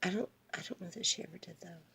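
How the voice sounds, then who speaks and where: This grandmother's voice is lowish, husky and gravelly, pushed and bright, and she reads quickly. Playful and digressive, she wanders off the storybook page into chatty remarks aimed right at her grandchild.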